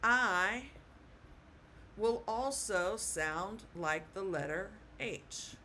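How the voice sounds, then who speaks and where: A woman teaching Spanish pronunciation in a slow, patient classroom manner, repeating words and checking in with "okay?". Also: mid-range voice, lively intonation, bright, forceful tone, a little hiss or hum.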